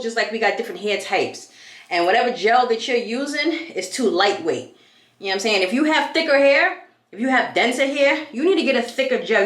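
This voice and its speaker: A woman's voice: mid-range voice, a bit bright, roomy sound. A young woman from New York chatting casually as a vlogger while she does her hair, hyped and full of tangents. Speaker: beauty vlogger.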